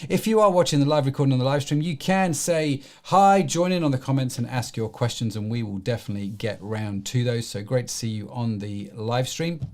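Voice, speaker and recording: A man's voice: mid-range voice, fairly quick, few pauses. A man hosting an e-commerce podcast, who talks in a chatty, rambling way full of fillers and restarts. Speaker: podcast host. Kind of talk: podcast interview.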